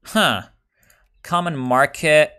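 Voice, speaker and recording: A man giving casual, joking commentary while playing a strategy game. He rambles excitedly and swears often. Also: a little high, slow pace, clear, resonant tone. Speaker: video game player.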